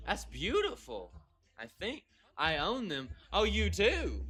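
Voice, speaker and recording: A man's voice: fairly high pitch, big pitch swings, moderate pace, a bit bright, breathy edge, faint music behind. A man hosting a livestream in casual chat, joking, swearing and laughing often. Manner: playful, profane, laughs often. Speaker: livestream host.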